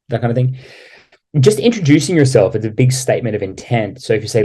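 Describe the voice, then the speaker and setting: A man's voice: fairly low pitch, animated, moderate pace, warm tone. A man working as a dating coach, explaining social techniques in a blunt, casually profane way. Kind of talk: instructional explanation.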